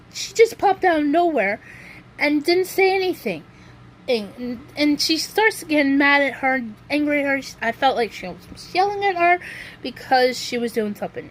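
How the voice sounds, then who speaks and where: A woman vlogger telling a long story in a casual, rambling way, often circling back with "so anyway". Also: high voice.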